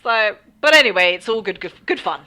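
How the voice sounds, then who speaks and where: A woman with an English accent co-hosts a casual podcast, her voice bright and swinging widely in pitch. She laughs often and swears without apology as she chats. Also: expressive, a little fast. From England. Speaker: podcast co-host.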